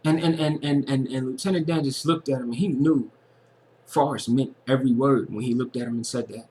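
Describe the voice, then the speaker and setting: A man speaks earnestly in a casual personal monologue for his vlog. He sits at a middle pitch and circles back to the same phrases to drive his point home. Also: fairly even intonation, brisk, warm tone. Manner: earnest, repeating phrases for emphasis. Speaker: vlogger.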